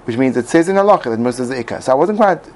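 A man's voice: medium pitch, expressive, rapid-fire, darkish tone, rough recording. A man giving a reflective talk as host, musing aloud with frequent restarts. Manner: musing, many restarts and fillers. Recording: faint background noise.

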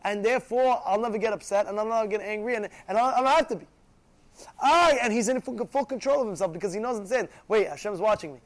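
A man teaching a religious class, animated, often acting out quarrels and asking if listeners follow. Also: high-pitched, quick pace. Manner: animated, acts out shouting voices, asks "you know?" often. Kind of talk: Torah class sermon.

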